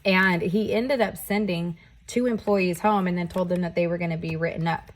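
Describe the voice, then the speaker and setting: A woman vlogger chatting casually while doing her nails, telling a story in an animated, ranting way and swearing often. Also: on the low side, normal speed. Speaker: nail art vlogger.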